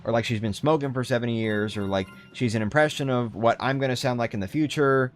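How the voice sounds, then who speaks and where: A young man with a medium-pitched voice talks fast while live-streaming a game, rambling loosely and swearing casually in his commentary.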